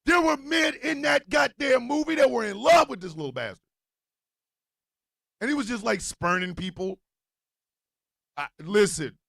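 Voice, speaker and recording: A man tells a comic story. His voice is high and gravelly, and his pitch leaps all over. The sound is close and dry. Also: normal speed, long pauses, no echo. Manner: animated, swings from low mutters to loud outbursts. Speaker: podcast host telling a story. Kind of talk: comedic storytelling monologue.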